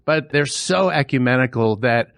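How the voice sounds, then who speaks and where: A man's voice: medium pitch, animated, moderate pace, fairly bright tone, no echo, clean studio sound. A middle-aged man hosting a podcast, chatting in a wry, easygoing way. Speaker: podcast host. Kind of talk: casual chat.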